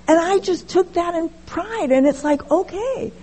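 A middle-aged woman speaking at a recovery meeting, telling her story candidly and haltingly, with many restarts. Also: very high-pitched, lively intonation, warm tone, poor audio. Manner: halting, frequent restarts and "you know", candid. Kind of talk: personal recovery share, casual storytelling.

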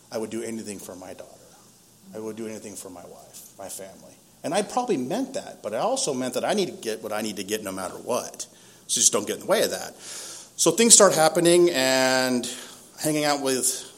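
A man's voice: mid-range voice, very animated, brisk. A man in his fifties from San Diego, telling his own story in a casual, self-mocking way and laughing often. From San Diego, East County. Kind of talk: casual first-person storytelling.

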